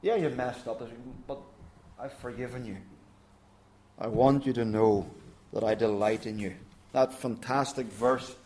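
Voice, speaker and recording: A man preaching a sermon in a church, earnest and direct, dropping softer when he speaks God's words to the listeners. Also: medium pitch, a little hiss or hum. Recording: roomy church echo.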